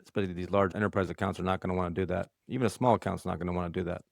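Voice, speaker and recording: Brief: male podcast co-host, low gravelly voice, casual and offhand. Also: very fast, no echo, clean studio sound. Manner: relaxed, offhand, with fillers. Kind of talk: casual chat.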